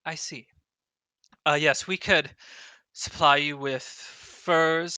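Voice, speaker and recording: A polite middle-aged woman tailor greeting customers, voiced by a man. The voice is very bright and slightly high, courteous and matter-of-fact. It sounds dry and close. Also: fairly even intonation, slow pace, smooth, no room sound. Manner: courteous, businesslike.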